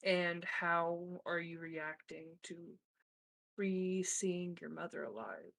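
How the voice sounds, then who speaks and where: A woman's voice: fairly low pitch, slow pace, gravelly, fairly bright tone. A woman acting as game master, asking questions and calling for rolls in a matter-of-fact way. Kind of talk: running a tabletop game.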